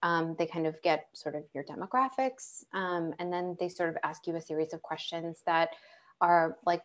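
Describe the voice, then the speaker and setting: A woman's voice: fairly low pitch, moderate pace. A young adult woman telling her own story as a panel guest, speaking conversationally with many fillers and restarts. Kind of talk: conversational personal account.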